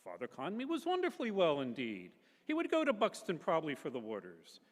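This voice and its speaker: A man reading a novel aloud at a public literary festival, expressive and characterful, shifting his voice between narration and the people in the story. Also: on the high side, fairly quick, long reverb tail.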